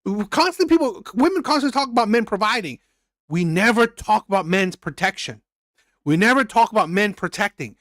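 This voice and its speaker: A man's voice: high-pitched, lively intonation, brisk, a bit bright, no room sound, studio quality. A man hosting a reaction channel, giving blunt, emphatic commentary and repeating his points with some swearing.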